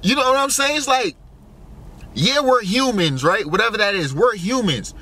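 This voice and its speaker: Young man, high voice, casual rambling musings, profane, filler-heavy. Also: expressive, moderate pace, sharp tone. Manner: musing, full of fillers and profanity, wondering aloud. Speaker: vlogger.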